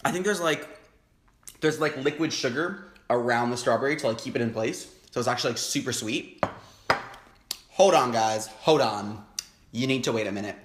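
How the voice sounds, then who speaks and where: Young male mukbang host, excitable and chatty, mid-pitched, roomy echo. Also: brisk, a little hiss or hum. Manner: chatty, excitable, frequent hums of enjoyment. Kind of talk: casual chat while eating. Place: home, indoors.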